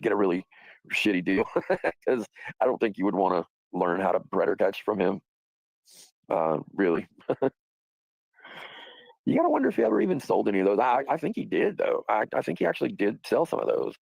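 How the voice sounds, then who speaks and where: A man's voice: lowish voice, big pitch swings, brisk, vocal fry, pauses often, a little mellow, no echo, poor audio. A man hosting a livestream, talking in a rambling, profane, casual way and laughing often. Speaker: livestream host.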